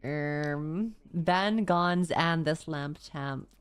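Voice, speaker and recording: A woman's voice: sits low, very slow, clear, resonant tone, soft background music. A woman streamer chatting casually and reading viewer confessions aloud, often stammering and swearing. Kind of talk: casual livestream chat, reading viewer messages.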